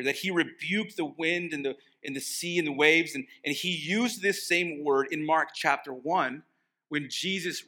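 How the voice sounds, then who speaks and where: A man's voice: fairly high pitch, bright, forceful tone. A man preaching a sermon as pastor, conversational and emphatic, joking with the congregation and restarting phrases.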